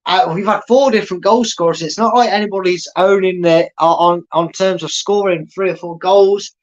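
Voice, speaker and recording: A man's voice: sits high, fairly even intonation, moderate pace, lo-fi sound. A man hosting a fan channel, giving live watchalong commentary in a chatty, rambling way with many fillers and restarts.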